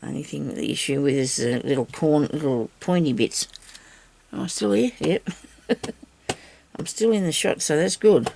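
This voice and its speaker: A woman's voice: low-pitched, moderate pace, gravelly, mellow, a little hiss or hum. A woman chatting casually as she crafts on camera, talking to herself and her viewers and teasing herself with small laughs. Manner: chatty, talks to herself and viewers while working. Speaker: crafter filming a tutorial.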